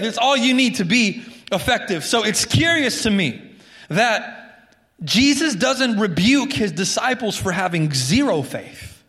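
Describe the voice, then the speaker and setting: Man, pastor, sermon, high voice, loose conversational delivery, long church reverb. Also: big pitch swings, measured pace, a bit bright. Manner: conversational preaching with frequent restarts and asides.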